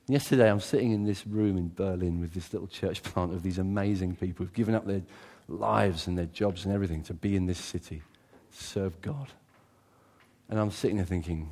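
A man preaching a sermon as a pastor, animated, swinging from loud exclamations to quiet asides. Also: low-pitched, fairly quick. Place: church. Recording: reverberant church hall.

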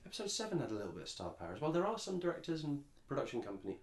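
A man's voice: fairly high pitch, huge pitch swings, rapid-fire, reverberant. An English man co-hosting a podcast, chatting casually and rambling with frequent restarts. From England. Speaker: podcast co-host. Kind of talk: casual chat.

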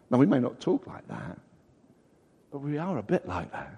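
An older man preaching a sermon, acting out quoted voices with big swings of loudness. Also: medium pitch, wildly swooping pitch, normal speed, long pauses, husky. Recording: long hall reverb.

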